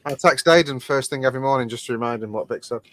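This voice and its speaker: A man's voice: mid-range voice, rapid-fire, noisy background. A man co-hosting a live show, teasing the others and swearing as he laughs through casual banter. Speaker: podcast co-host.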